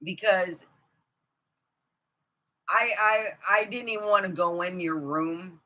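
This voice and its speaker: A woman ranting profanely to her camera, swinging from low muttering to outbursts of shouting. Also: slow pace. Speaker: vlogger. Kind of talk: angry ranting monologue.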